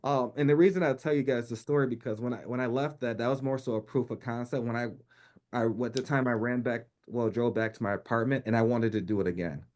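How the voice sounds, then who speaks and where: Animated New York man telling a story. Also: mid-range voice, quick pace. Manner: animated, laughs often, acts out quoted speech. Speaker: podcast guest. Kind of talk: casual storytelling.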